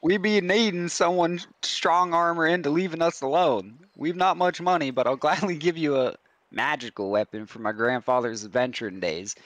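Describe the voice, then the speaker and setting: A man's voice: a little high, a bit bright, no echo, close to an everyday voice. A poor fisherman pleads in a thick, drawling Southern US accent, as a man puts him on. The voice sits a little raised above an everyday register. The sound is dry and close, with no room around it. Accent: put-on Southern US. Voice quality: drawling, breaking into laughs.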